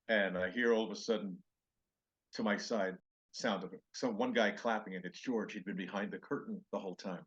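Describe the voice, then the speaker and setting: Older man, comedian, storytelling, husky, low, dull lo-fi sound. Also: fairly quick. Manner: animated anecdotes with acted-out quotes. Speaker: comedian guest. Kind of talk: storytelling interview chat.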